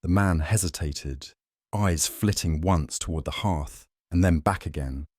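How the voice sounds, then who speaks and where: A man with a deep, low voice reads a detective story aloud in a measured, even way. The recording is dry and close, with no room sound. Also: husky, dry recording. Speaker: narrator. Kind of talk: scripted storybook narration.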